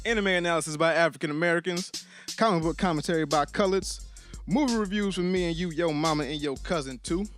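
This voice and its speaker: Young guy hosting a podcast, goofy and jokey, voice jumps all over, kinda high, faint beat underneath. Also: expressive, normal speed, a bit bright, faint music behind. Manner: joking, playful, bursts into sing-song riffs. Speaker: podcast host. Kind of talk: casual comedic podcast chat.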